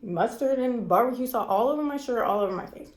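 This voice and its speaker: A woman's voice: on the high side, lively intonation, fast talker. A woman telling a candid personal story in a vlog, shaky and stressed, repeating herself and swearing. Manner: candid, repetitive, swearing, emotional. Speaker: vlogger. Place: cold room indoors. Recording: roomy echo.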